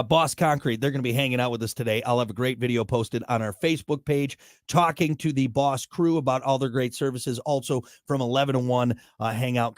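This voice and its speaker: A man's voice: medium pitch, no echo, studio quality. A man in his thirties hosting a morning radio show, chatting casually with a joking, rambling, self-mocking manner. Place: radio studio.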